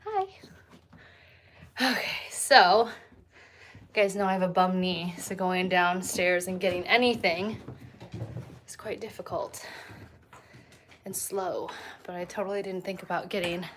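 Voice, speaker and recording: A woman's voice: lowish voice, a little slow, long pauses, fairly bright tone, a little hiss or hum. A woman chatting casually and candidly to her viewers at home, filming herself on a phone set on a tripod. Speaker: lifestyle vlogger. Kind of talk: casual chat to camera.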